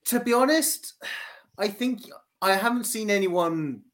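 A man's voice: high-pitched, expressive, measured pace, fairly bright tone. A British man chatting casually as a podcast guest, wry and laid-back with hesitant restarts. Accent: British English. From United Kingdom.

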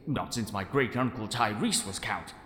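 A man narrating an audio drama in a pompous, florid manner, as a Victorian-style gentleman. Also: fairly low pitch, moderate pace, a little hiss or hum. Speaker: storyteller and sole voice actor.

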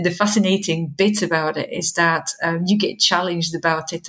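A woman's voice: fairly low pitch, a bit bright. A middle-aged woman educator speaking as an interview guest, thoughtful and hesitant, with many fillers and restarts. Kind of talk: conversational interview.

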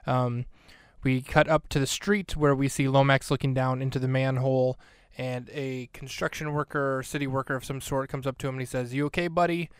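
Podcast host guy, smooth clear voice, dry close mic, jokey and rambly, keeps going off on tangents. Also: medium pitch, little pitch movement, brisk, dry recording. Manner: joking, rambling, self-interrupting. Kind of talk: casual comedic podcast commentary.

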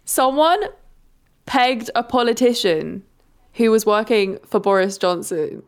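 Excitable woman podcast co-host. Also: fairly high pitch, unhurried, clean tone. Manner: excitable, giggly, swears freely. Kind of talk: casual chat.

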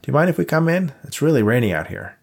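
A male narrator voicing a sarcastic young man assistant in his twenties, gravelly and a bit husky. He grumbles his lines with dry sarcasm, like an audiobook character. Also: medium pitch, sing-song, fast talker, voice pushed up.

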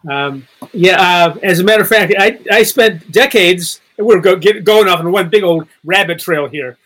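A man's voice: high voice, normal speed, fairly bright tone. A man in his sixties, a guest author on a podcast, talking in a playful, rambling way. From Chicago, Illinois area. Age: 60s. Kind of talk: casual podcast chat.

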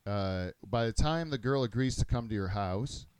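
A middle-aged man hosting a crude casual podcast chat, rambling and halting with many fillers and restarts. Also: fairly low pitch, expressive, a little mellow, clear, resonant tone, dry recording. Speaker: podcast host.

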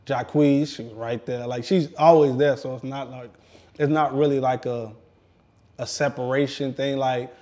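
A man in his thirties, appearing as an interview guest, chats casually and rambles with many fillers, leaning heavily on "like." He's talking around brand-new dental work in his mouth, in a mid-range voice at a moderate pace.

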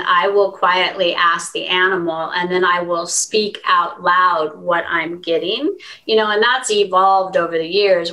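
A woman guest on a podcast, talking earnestly and warmly about her work as an animal communicator in a relaxed interview. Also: on the low side, poor audio. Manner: earnest, heartfelt storytelling. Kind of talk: conversational interview.

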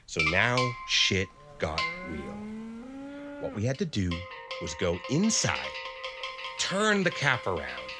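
A man from Canada, telling a comic personal story on stage with dramatic swings from hushed to emphatic. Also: on the low side, wildly swooping pitch, slow pace, music in the background.

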